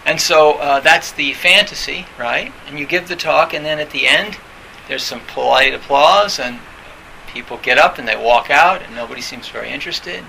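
A man's voice: on the high side, normal speed, creaky, bright, forceful tone, low-quality recording. A man giving a conversational dharma talk, full of fillers and restarts, who acts out quoted voices now and then. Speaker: meditation teacher. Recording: faint hiss.

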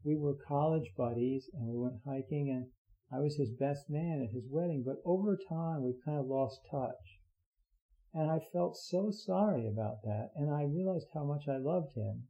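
Halting older man, dull recording. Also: fairly high pitch. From United States. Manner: earnest, halting, many fillers and restarts. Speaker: Zen teacher. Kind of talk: dharma talk.

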